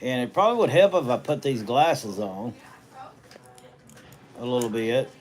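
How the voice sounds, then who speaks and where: Big pitch swings mark this mid-range male voice at a measured pace, with slight background noise. He's a middle-aged Southern US livestream host and auctioneer, casually rambling in folksy country talk while reading viewer comments from a hospital treatment room on his phone.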